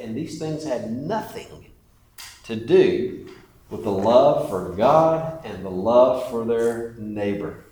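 A man preaching a sermon as a pastor, emphatic, rising and falling in loudness. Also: medium pitch. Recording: echoey church hall.

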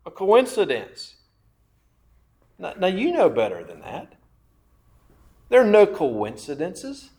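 A man preaching a sermon, slow and emphatic, repeating phrases and asking questions of his listeners. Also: high-pitched, huge pitch swings, a little mellow. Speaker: pastor.

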